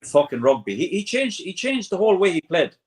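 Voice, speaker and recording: A man's voice: high voice, very animated, fairly quick. Brief: male panelist, blunt, emphatic, plain-spoken. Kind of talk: casual podcast chat.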